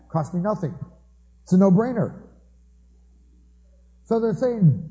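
A man delivers a sermon as a string of homely anecdotes, slipping into the voices of the people he quotes. His voice sits somewhat high yet sounds very dark and mellow. The recording is muffled and lo-fi. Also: brisk. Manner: storytelling, acts out quoted voices. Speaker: preacher.

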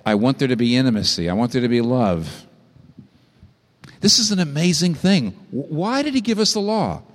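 A man preaching a sermon, impassioned, climbing to high emphatic peaks and then dropping low. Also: sing-song, normal speed, big-room sound.

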